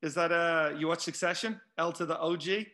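Forceful, emphatic male guest pundit. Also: a little high, fairly quick. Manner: emphatic, repeats words as he argues. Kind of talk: casual chat.

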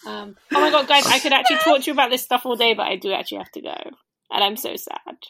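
A woman's voice: high-pitched, fast talker, creaky, bright, forceful tone. A young adult woman, a podcast guest, chatting casually and enthusiastically, swearing freely. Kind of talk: casual chat.

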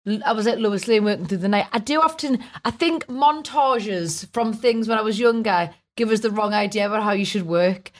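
A woman's voice: medium pitch, moderate pace, few pauses. A woman co-hosting a comedy podcast, telling stories in a chatty, giggly way. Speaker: podcast co-host. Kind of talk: casual chat.

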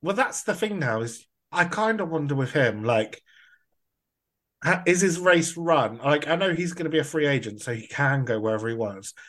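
A man's voice: fairly high pitch, animated, moderate pace, fairly bright tone. Man thinking aloud on football. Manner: thinks aloud, restarts sentences. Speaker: podcast panelist. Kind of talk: casual football chat.

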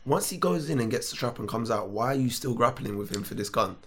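A man co-hosting a casual podcast, jumping in with excited gossip and quick asides. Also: mid-range voice. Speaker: podcast co-host.

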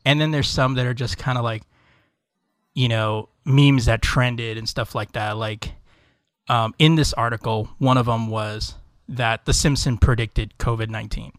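Podcast co-host, male, mid pitch, rambling chatty delivery, dry sound. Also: a bit bright, no room sound. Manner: loose, rambling, swears freely, lots of fillers. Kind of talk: casual chat. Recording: dry close mic.

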